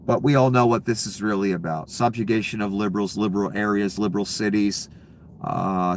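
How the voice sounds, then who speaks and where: A man's voice: lowish voice, fairly even intonation, fairly quick, a little hiss or hum. A man ranting about politics, heated and sarcastic, with frequent profanity. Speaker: political commentator. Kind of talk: angry political rant.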